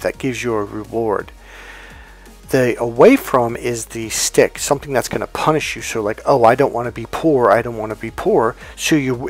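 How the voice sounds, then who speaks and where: A man in a life coach role, talking through an example in a casual teaching monologue and acting out the quoted dialogue. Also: mid-range voice. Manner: conversational, acts out quoted dialogue.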